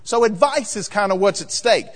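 A male pastor preaching a sermon, acting out voices and building to loud, emphatic peaks. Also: high-pitched, animated, normal speed. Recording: long hall reverb.

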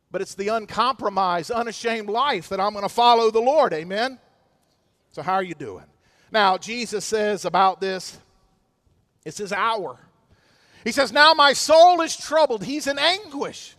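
A pastor preaching a sermon, dramatic and emphatic, sometimes rising close to a shout. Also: male voice, high-pitched.

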